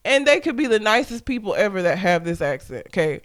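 A woman's voice: medium pitch, sing-song, fairly quick. A young woman co-hosting a casual chat, candid and laughing often as she tells stories. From Southern United States. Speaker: podcast co-host.

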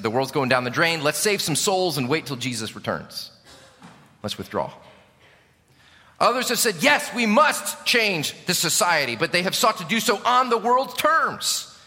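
A man from Chicago preaching a sermon as pastor, emphatic, lifting key lines and dropping low at the ends. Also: pushed and bright, big-room sound.

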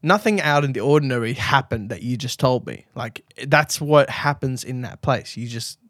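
A man's voice: medium pitch, normal speed, fairly bright tone, no room sound, clean studio sound. Blunt man in casual podcast chat. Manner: blunt, crude, frequent restarts. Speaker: podcast co-host. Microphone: remote call mic.

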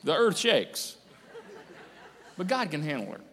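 A man preaching a sermon as pastor, animated and joking, acting out the voices of people he quotes. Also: fairly high pitch, measured pace, long pauses. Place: church auditorium. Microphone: handheld microphone on stage. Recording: echoey church hall.

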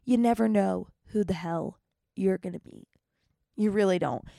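A young woman hosting a podcast, telling stories in an animated, chatty way, with dramatic retellings. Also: medium pitch, normal speed, gravelly, no room sound. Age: young adult. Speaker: podcast host. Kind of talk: casual storytelling monologue.

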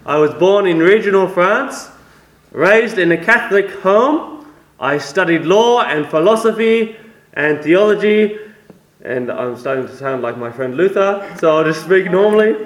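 An Australian man plays a shy, scholarly reformer from the 1500s who prefers a quiet library, talking earnestly in a high voice. The sound carries a roomy echo. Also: expressive, unhurried. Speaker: costumed historical guest. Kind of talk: in-character interview.

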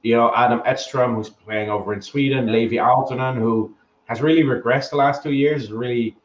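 A man's voice: medium pitch, fairly even intonation, brisk. Analytical man on dull, roomy remote audio. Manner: analytical, weighing points with hedges and repeats. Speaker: podcast co-host. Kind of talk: casual sports podcast analysis.

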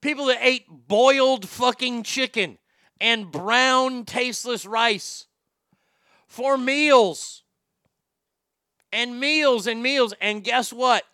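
Brief: male host, high bright voice, sarcastic and profane, dry close sound. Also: takes it slowly, clear, resonant tone, no room sound. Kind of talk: ranting celebrity commentary.

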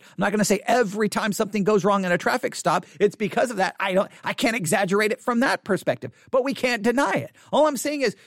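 Pastor preaching from the pulpit, animated and emphatic, dry close sound. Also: mid-range voice, no room sound. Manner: animated, rising to indignant emphasis. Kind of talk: sermon.

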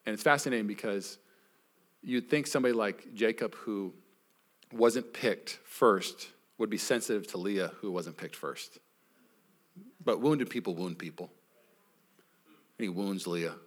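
A man's voice: fairly low pitch, measured pace, long pauses. A man pastor giving a sermon in a casual, conversational way, retelling a story and acting out its people. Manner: casual, conversational preaching with acted quotes.

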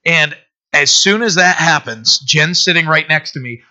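A man's voice: fairly high pitch, moderate pace, pushed and bright. A middle-aged man preaching a conversational sermon, rambling, with many restarts and fillers. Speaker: pastor. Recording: dull lo-fi sermon recording.

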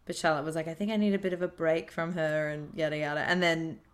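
A woman's voice: sits low, steady tone, fast talker. A young woman with an Australian accent co-hosting a podcast, recapping a show in a rambling, chatty way. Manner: rambling, recaps the plot with lots of fillers. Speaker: podcast co-host. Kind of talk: casual chat.

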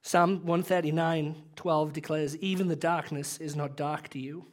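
A man's voice: on the high side, steady tone, a little slow. Earnest emotional male pastor. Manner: earnest, emotional, swells louder then drops soft. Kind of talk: sermon and closing prayer.

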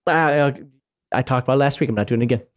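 A man's voice: mid-range voice, fast talker. A man co-hosting a casual chat about a tabletop game, teasing and laughing often. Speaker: podcast co-host.

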